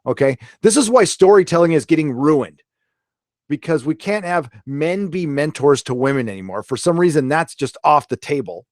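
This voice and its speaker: A man's voice: a little high, expressive, moderate pace, a little mellow, no room sound, clean studio sound. A man hosting a casual pop culture livestream, talking in a rambling, chatty way and cursing freely. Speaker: pop culture show host.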